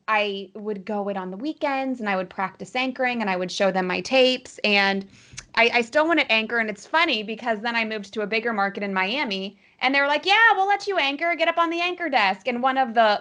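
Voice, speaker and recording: Woman podcast host, former TV reporter, upbeat and chatty, a bit high-pitched. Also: moderate pace, pushed and bright. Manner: enthusiastic, chatty. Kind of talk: conversational interview.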